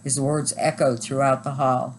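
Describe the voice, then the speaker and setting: Teacher lady reading a chapter book out loud, steady, faint hiss behind. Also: very deep voice, normal speed, poor audio.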